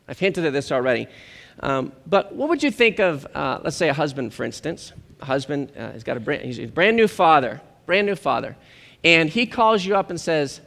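A man preaching a sermon as pastor, lively and animated, acting out quotes of the people he talks about. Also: fairly high pitch. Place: church sanctuary. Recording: church hall with long reverb.

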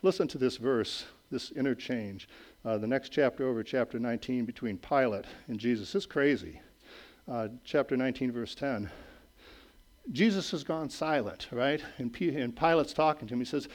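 A middle-aged pastor preaches at a moderate pace, keeping his sermon conversational with frequent "okay?" and "right?" check-ins. He shifts between raised, emphatic lines and quiet, low asides.

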